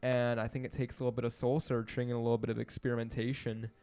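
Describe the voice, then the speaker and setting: A young man in his twenties chats as a podcast guest, animated and rambling, with frequent laughter. His voice sits in a mid register. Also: medium pitch, fast. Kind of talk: casual livestream chat.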